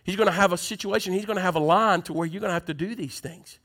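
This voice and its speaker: A male pastor preaching a sermon, moving from conversational teaching to loud, emphatic preaching. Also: high voice, fast talker.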